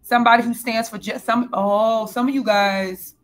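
A woman's voice: on the high side, fairly even intonation, normal speed. A woman giving a casual spiritual tarot reading, talking bluntly and animatedly, with frequent swearing. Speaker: tarot reader.

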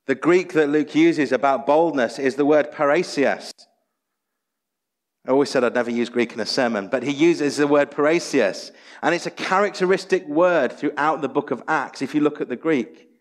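Earnest preacher in a reverberant church. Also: male voice, a little high, moderate pace. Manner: earnest, exhorting, rhetorical questions. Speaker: pastor. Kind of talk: sermon. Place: church sanctuary. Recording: long church hall reverb.

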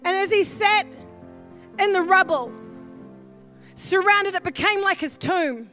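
High-voiced woman preaching a sermon. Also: slow pace, faint music behind. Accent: New Zealand. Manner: earnest, pleading, rising to shouts. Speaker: pastor.

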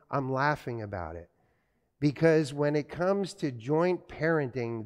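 A man's voice: a little high, a little mellow. A middle-aged man preaching a sermon, telling stories from his childhood and acting out family dialogue. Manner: storytelling, acts out family dialogue. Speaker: pastor. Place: church. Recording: reverberant church hall.

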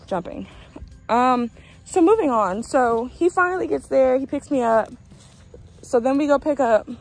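A woman of twenty-one telling a story in a casual, animated way in a vlog. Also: a little high, rough recording. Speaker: vlogger.

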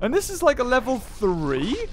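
A woman hosting a let's play, excitable, muttering low then bursting into loud outbursts. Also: normal speed, a little hiss or hum. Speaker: gaming channel host. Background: game music.

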